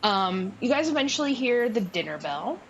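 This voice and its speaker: A woman narrating a tabletop game as game master, unhurried, with many fillers and restarts. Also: fairly high pitch, sing-song, creaky, a little hiss or hum, poor audio.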